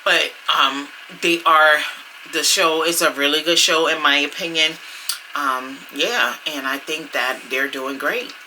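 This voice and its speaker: Chatty woman vlogger with a bright tone. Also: deep voice, steady tone, measured pace, a little hiss or hum, poor audio. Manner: chatty, laughing, playful asides to viewers. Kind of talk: casual chat to camera. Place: home room with the heat running.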